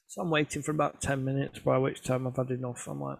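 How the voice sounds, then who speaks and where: A man's voice: mid-range voice, level tone, fast, gravelly, few pauses, no room sound. A man telling chatty, self-mocking photography stories to a club over a video call. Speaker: photographer giving a club talk. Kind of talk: casual anecdotal presentation.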